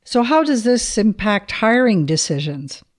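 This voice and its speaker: Woman host chatting, mid pitch, easygoing interviewer. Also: very animated, unhurried. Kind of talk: interview questions.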